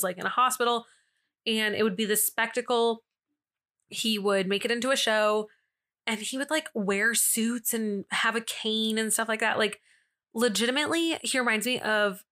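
Chatty young woman with a bright voice. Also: on the high side. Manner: chatty, filler-heavy, with frequent asides and laughs. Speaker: podcast host. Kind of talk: casual storytelling podcast.

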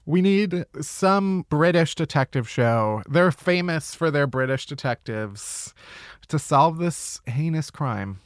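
A man's voice: on the high side, takes it slowly, no room sound, clean studio sound. A man hosting a podcast, telling a story in a casual, comedic way, swearing freely and laughing as he goes. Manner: animated, profane, laughs while telling. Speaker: podcast host.

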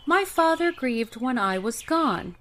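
A woman's voice: sits high, animated, slow pace, a bit bright, a little hiss or hum, pitched above the performer's own voice, full character voice. A woman voicing a small magical bird that chants a mournful song. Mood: chanting.

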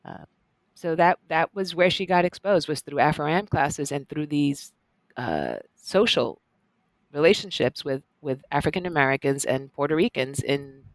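A middle-aged woman professor telling stories in a lively, animated way as an interview guest. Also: sits low, no room sound. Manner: lively, animated storyteller with laughs. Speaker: guest, professor and journal editor. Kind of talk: conversational interview storytelling.

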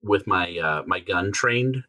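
A man's voice: low voice, animated, slow pace, pushed and bright. A man playing a tabletop game, hesitant and full of fillers as he thinks aloud. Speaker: player. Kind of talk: casual tabletop play.

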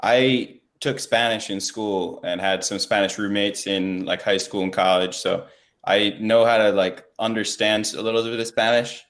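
A man hosting a podcast in a casual interview, speaking in a friendly, relaxed way with frequent "like" fillers. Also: on the low side, normal speed. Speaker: podcast host.

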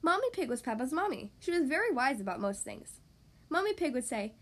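Expressive woman reading a children's story. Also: high-pitched, fairly quick. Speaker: podcast host reading aloud. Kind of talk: children's story read-aloud.

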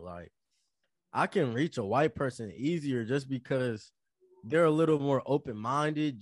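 A man's voice: mid-range voice, no echo. Blunt, profane young man, dry sound. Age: young adult. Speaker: podcast co-host. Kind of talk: casual chat.

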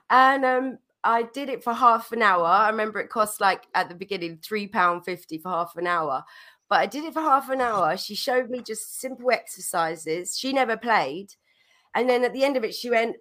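A woman's voice: fairly high pitch, moderate pace, a bit bright. Woman on a podcast telling stories, bit of a cold, laughs a lot, keeps restarting. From London, England. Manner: chatty, laughs often, many restarts. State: recovering from a cold. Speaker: podcast guest, musician. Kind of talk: casual storytelling.

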